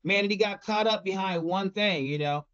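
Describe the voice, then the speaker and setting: Middle-aged man, casual rambling storyteller, lots of "you know", high voice, dull lo-fi audio. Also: moderate pace, fairly bright tone, smooth. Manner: rambling, repeats words and fillers like "you know". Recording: dull lo-fi recording.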